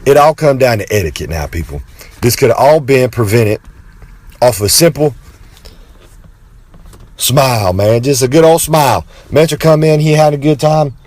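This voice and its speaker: Guy rambling through a wild story, cocky and loud-mouthed, calls himself by a nickname. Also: medium pitch. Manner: brash and boastful, talks about himself in the third person; swaggering, with drawn-out dramatic emphasis. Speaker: wrestler telling a story. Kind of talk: rambling comic storytelling monologue.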